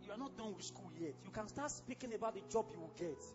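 A man with a Nigerian accent preaching a sermon as pastor, fiery and exclamatory, breaking into sudden shouts. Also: high voice, animated, fast talker, dull audio, loud music behind the voice.

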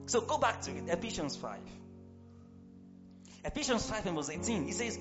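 A man from Nigeria preaching a sermon in a church, emphatic, sometimes shouting, often repeating his phrases. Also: high voice, sing-song, normal speed. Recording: slightly dull recording with faint music behind.

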